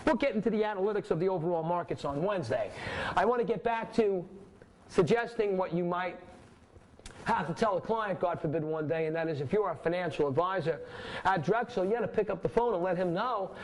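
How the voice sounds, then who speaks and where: A man's voice: sits high, a little fast, poor audio. A man teaching a finance class in casual lecture style, telling stories and acting out dialogues with clients, often checking that the class is following. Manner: animated storytelling, acts out dialogues, quizzes the class. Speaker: finance instructor.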